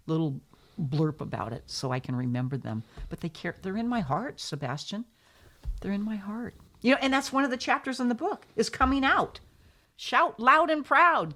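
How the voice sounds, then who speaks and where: A woman's voice: low-pitched, a little fast. A middle-aged American woman, an author interviewed in casual chat, telling stories with effusive exclamations. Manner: effusive, warm storyteller with exclamations. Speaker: author guest.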